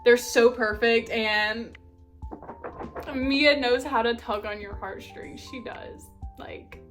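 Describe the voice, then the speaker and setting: A young woman chatting casually about her favorite books, gushing and animated, with lots of "like" fillers. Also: mid-range voice. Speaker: book vlogger. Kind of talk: casual book review chat.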